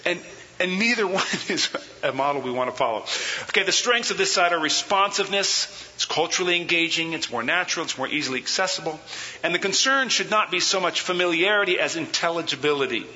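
A man's voice: on the high side, animated, fast talker, bright, forceful tone. A man teaching a church seminar on worship. He reads quotations aloud, explains them, asks the audience questions and has them repeat phrases, with dry jokes along the way. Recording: muffled hall recording with hiss.

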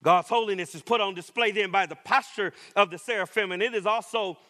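A man preaching a sermon as pastor, with emphatic, rising declarations and deliberate repetition. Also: high voice, bright, forceful tone.

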